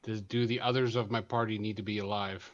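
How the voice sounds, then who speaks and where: A man's voice: fairly low pitch, steady tone, fairly quick, highs cut off. Casual man playing a tabletop game. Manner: casual, thinking out loud. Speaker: player.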